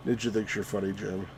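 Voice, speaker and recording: A man streaming a retro game live, commenting excitedly, shouting at the on-screen sheep and greeting chat viewers. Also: on the low side, slight background noise. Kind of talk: live let's-play commentary.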